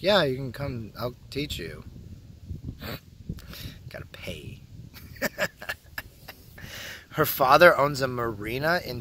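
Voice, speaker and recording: A young man from Canada rambling crudely through a casual vlog, joking a lot and often dropping to a hushed mutter, recorded outdoors in a public spot. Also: mid-range voice, slight background noise. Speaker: vlogger.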